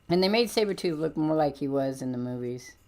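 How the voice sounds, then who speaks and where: A woman's voice: low voice, animated, normal speed, a little mellow. A woman hosting a livestream, chatting casually and rambling as she jumps between points with lots of ums. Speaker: livestream host. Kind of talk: casual chat about comics.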